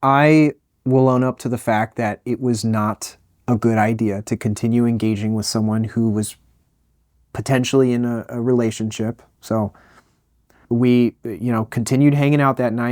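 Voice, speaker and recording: A young man spinning a funny personal story with animated energy and self-deprecating asides. His voice sits at an ordinary middle pitch, recorded close and dry with no room sound. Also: moderate pace, dry recording. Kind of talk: comedic storytime narration.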